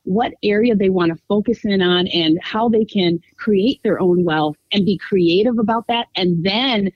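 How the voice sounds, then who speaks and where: A woman guest on a podcast, upbeat and quick to laugh, turning earnest when she explains her views. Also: medium pitch, dry recording, lo-fi sound. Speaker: congressional candidate guest. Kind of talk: casual podcast conversation.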